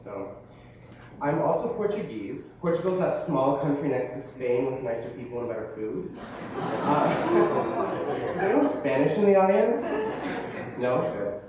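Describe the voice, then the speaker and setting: A man's voice: mid-range voice, very animated, measured pace, background noise. A young man in his late teens, a student giving a talk to an audience, self-deprecating and joking, with frequent stammers and restarts. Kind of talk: presentation to an audience. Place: large hall or classroom with an audience. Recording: echoey room, voice from a distance.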